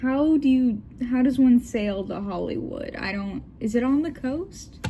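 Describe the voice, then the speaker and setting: Young woman vlogger, giggly reader, unhurried and faint background noise. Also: high voice, animated, dull audio. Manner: giggly, joking asides. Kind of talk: casual reading of fanfic aloud.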